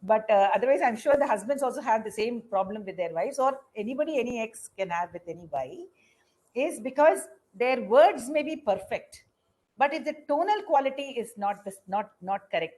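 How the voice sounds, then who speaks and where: A middle-aged woman with an Indian English accent giving an unscripted lecture, halting often with fillers and restarts. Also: fairly high pitch, expressive, darkish tone, rough recording. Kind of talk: academic lecture. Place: lecture hall.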